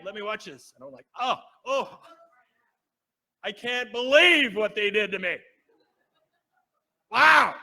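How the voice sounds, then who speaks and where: Preacher, male, high and very bright, conversational storyteller. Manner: storytelling, acts out quoted voices, asks the congregation. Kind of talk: conversational sermon. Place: church sanctuary.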